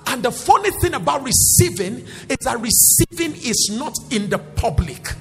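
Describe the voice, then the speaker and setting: A male pastor preaching a sermon in call-and-response style, rising to shouts. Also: very high-pitched, very animated, moderate pace. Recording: echoey hall with faint music.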